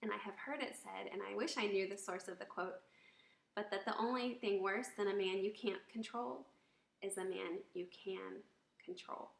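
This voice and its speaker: A woman's voice: medium pitch, moderate pace, creaky. Woman advising wives on tone; demos each phrase; roomy echo. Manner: demonstrates tones by acting out examples. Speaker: marriage advice speaker. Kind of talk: instructional talk to wives.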